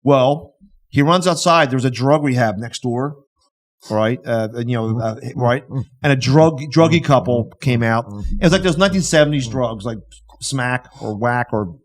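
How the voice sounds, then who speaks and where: Animated man telling a story. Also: medium pitch, moderate pace. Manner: animated storyteller who acts out the people in his stories. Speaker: podcast co-host. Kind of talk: casual storytelling chat.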